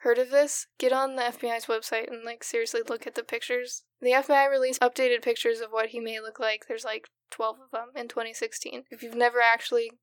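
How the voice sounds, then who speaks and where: Woman, true-crime podcast co-host, higher voice, flat even read, dry close sound. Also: fairly quick, few pauses, no room sound. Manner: reads case details, then chats loosely with filler words. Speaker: podcast co-host narrating a case. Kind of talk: casual true-crime chat.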